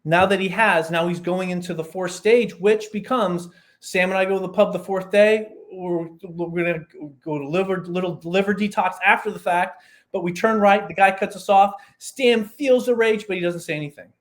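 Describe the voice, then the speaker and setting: A man, a performance coach guest on a podcast who explains ideas through lively stories and examples. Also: high voice, moderate pace. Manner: animated storyteller, explains with examples and asides. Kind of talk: casual podcast conversation.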